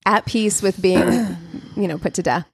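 A woman's voice: medium pitch, moderate pace, breathy edge, dry recording. A woman in the middle of her range tells a true crime tale to her co-hosts, laughing between lines and swearing freely. The sound is dry and close, with no room around her. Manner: laughs often, swears, slips into mocking voices. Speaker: podcast co-host telling a true crime story. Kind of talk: casual storytelling chat.

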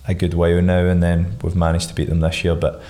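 A Scottish man in his thirties, a footballer answering interview questions in a relaxed, good-humoured way. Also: sits low, fast. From Scotland. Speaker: professional footballer guest.

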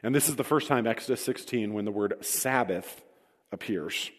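A man's voice: on the low side, normal speed, long reverb tail. A man preaching a sermon, telling the scripture story vividly with wry self-deprecating humor and reading verses aloud. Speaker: pastor.

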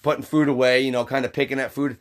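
A man's voice: mid-range voice, flat delivery, fast talker. A young man chatting casually on a podcast, rambling with lots of fillers, restarts and swearing. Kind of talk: casual storytelling chat.

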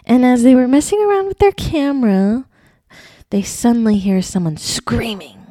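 A woman's voice: fairly high pitch, moderate pace, warm tone, dry recording, clean studio sound. A young woman co-hosting a podcast, recounting odd stories in a rambling, casual way and swearing freely. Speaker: podcast co-host. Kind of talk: casual chat.

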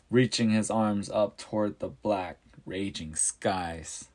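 A man reading a Bible story aloud as a podcast narrator, measured and descriptive. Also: fairly low pitch, steady tone, vocal fry, darkish tone.

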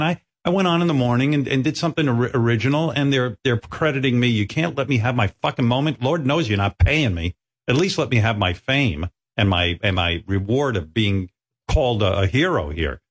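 Middle-aged guy hosting radio, swoopy voice, rambly and swears a lot. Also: mid-range voice. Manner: rambling, profane, self-mocking storytelling. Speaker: radio show host. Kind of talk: casual studio banter. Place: radio studio.

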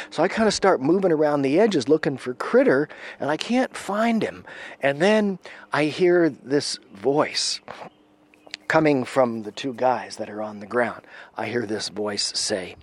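A man tells a long personal story in a relaxed, chatty way at a middle pitch. He dips into near-whispers for the tense moments and brightens as he acts out the others' voices. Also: a little slow. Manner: animated, acts out quoted voices, drops to a hush at tense moments. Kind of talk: casual spoken storytelling.

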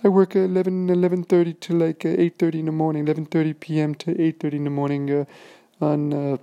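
A man voicing a very large, gentle postal worker who talks haltingly in a very high-pitched voice. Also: flat delivery, dull audio, lightly acted. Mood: matter-of-fact.

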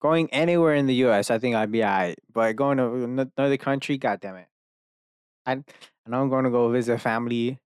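A young man from Dallas, Texas rambles through a solo podcast, swearing often and breaking off mid-thought to restart. His voice is smooth and clear at a middling pitch. The recording is dry, with no room sound. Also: fairly quick, no room sound. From Dallas, Texas, USA. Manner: self-interrupting, many restarts and fillers. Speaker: podcast host.

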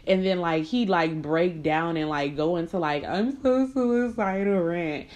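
A young adult woman telling a personal story in a casual, slangy, blunt way, laughing between lines and jumping into high mocking voices when she quotes people. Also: flat delivery, measured pace.

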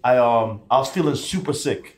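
Co-host guy, sincere, kinda repeats himself a lot, middle pitch. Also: normal speed. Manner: earnest, repeats himself, retells scenes. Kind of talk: casual chat.

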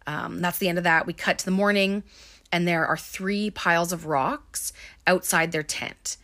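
A woman walks through a film's plot in a loose, conversational recap, peppering it with ums and likes. Her voice sits a little low for a woman. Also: fairly even intonation, normal speed, fairly bright tone. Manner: chatty, many ums and likes. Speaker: movie recapper. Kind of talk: casual movie recap narration.

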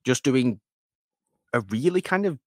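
A man's voice: medium pitch, expressive, unhurried, darkish tone, dry recording, studio quality. A British man co-hosting a podcast, chatting casually in a playful, mock-offended way. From Britain. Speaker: podcast co-host. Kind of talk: casual chat.

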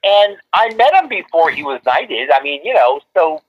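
A man's voice: fairly high pitch, very animated, normal speed. Rambling man with a muffled voice. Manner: rambling, many restarts and fillers. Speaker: photographer guest. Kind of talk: casual storytelling interview. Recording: muffled lo-fi line.

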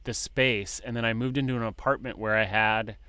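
Chill dad podcaster rambling on a video call, smooth clear voice, dry sound. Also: male voice, fairly low pitch, a little fast, no room sound. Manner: relaxed, rambling storytelling with many fillers. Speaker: podcast co-host. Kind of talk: casual chat. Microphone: microphone on a video call.

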